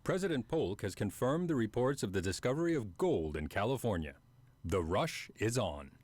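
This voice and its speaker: A man voicing a stately narrator and announcer in a video game who makes measured announcements. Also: fairly low pitch, big pitch swings, a little mellow. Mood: announcing.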